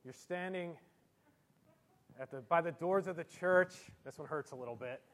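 A man preaching from the pulpit with a high voice for his sex. He is lively and theatrical, dropping into comic voices and leaning hard on sarcastic emphasis to drive each point home. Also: normal speed. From Italian heritage. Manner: animated, with comic voices and exaggerated sarcastic delivery. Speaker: pastor. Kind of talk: sermon. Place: church.

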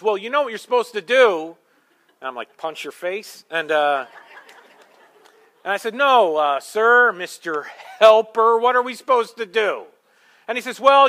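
A man preaching a sermon, telling a story with sarcastic asides and moving between loud, forceful lines and quiet ones. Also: high-pitched. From Michigan. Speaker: pastor.

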